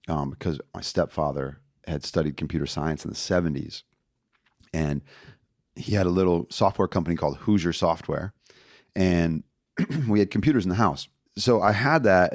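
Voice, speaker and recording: Deep-voiced man telling his story. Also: no echo, studio quality. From Indiana, USA. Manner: animated storyteller, acts out quoted voices. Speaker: guest. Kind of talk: casual storytelling interview.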